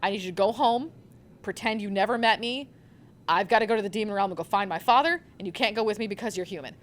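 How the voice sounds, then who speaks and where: A woman's voice: mid-range voice, fast talker, lightly acted. A woman voicing an earnest teenage girl who pleads with a friend, protective and urgent.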